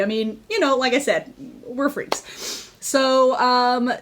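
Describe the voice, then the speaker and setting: Excitable, chatty higher-voiced woman. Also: takes it slowly. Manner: excitable, animated storytelling; candid, laughs while talking. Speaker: vlogger sharing her personal story. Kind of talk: casual talk to camera.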